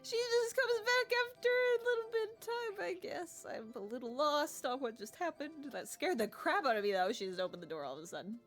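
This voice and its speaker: A woman's voice: high-pitched, expressive, fairly quick, hardly any pauses, soft background music. A woman streaming a video game live, chatting casually, mocking herself and yelping at surprises.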